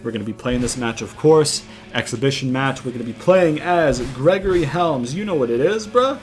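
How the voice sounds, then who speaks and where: A man's voice: medium pitch, expressive, normal speed. A young man giving casual, rambling commentary over a wrestling game, full of fillers and cursing. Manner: rambling, filler-heavy, profane, casual slang. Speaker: gaming commentator.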